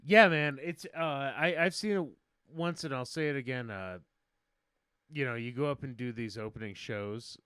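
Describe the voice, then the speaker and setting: Brief: young male comic, bright animated delivery, jokey and profane, dry close mic. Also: mid-range voice, normal speed, clean tone, no echo. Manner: jokey, swearing, lively bits. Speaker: comedy podcast co-host. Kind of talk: casual chat.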